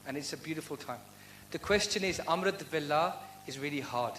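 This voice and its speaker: A man's voice: a little high, fairly quick, fairly bright tone, low-quality recording. A man with a slightly raised voice answers questions at a university event, sincere and heartfelt. He speaks in an earnest devotional style and leans on rhetorical questions. A faint hum sits under his voice. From United Kingdom. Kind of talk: devotional talk and Q&A.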